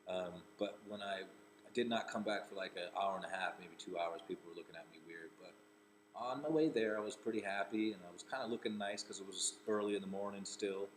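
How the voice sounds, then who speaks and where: Rambling low-voiced man telling a story. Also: a little fast, a little hiss or hum, poor audio. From Rhode Island, US. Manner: rambling, with many restarts. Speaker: comedian and actor. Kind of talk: casual personal storytelling.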